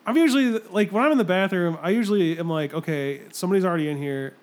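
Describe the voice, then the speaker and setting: Chill young dude on a podcast, highish voice, laughs a lot, just chatting. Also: male voice, fast. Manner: laid-back, laughs often. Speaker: podcast co-host. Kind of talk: casual podcast chat.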